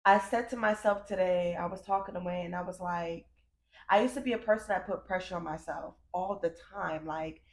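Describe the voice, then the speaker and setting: A woman's voice: lowish voice, fairly quick, echoey room. A young woman co-hosting a podcast in casual chat, candid and emphatic, repeating her phrases and calling her friend "girl" and "baby". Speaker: podcast co-host.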